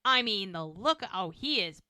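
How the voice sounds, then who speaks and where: A woman's voice: unhurried, clear, resonant tone, no echo, studio quality. A middle-aged woman co-hosting a podcast, recapping a show in casual chat and acting out the characters' lines. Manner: animated retelling, acting out lines with swooping pitch. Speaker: podcast co-host.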